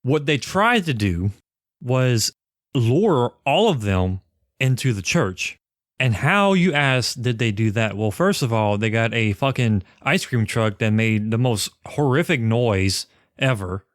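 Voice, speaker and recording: A man's voice: mid-range voice, lively intonation, measured pace, no room sound, studio quality. A man co-hosting a podcast, casually and profanely retelling scenes from a cult film. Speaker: podcast co-host. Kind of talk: casual movie review chat.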